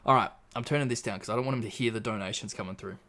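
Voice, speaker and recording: A man's voice: lowish voice, racing, bright, forceful tone. An Australian man hosting a livestream in casual chat, laid-back and swearing freely as he reads out chat messages. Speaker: livestream host.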